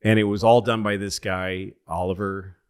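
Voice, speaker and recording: A man with a fairly low voice tells a rambling political story on a casual podcast. He acts out the people he quotes, his voice leaping high and loud in their lines before settling back down. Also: normal speed, smooth. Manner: animated storyteller acting out quotes in excited higher voices. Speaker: podcast host.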